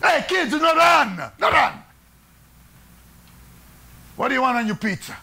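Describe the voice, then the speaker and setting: A man voicing an excitable older Italian immigrant pizzeria owner who exclaims loudly in broken English with an Italian accent. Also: very high voice, measured pace, vocal fry, voice pushed up, heavily acted. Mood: scolding.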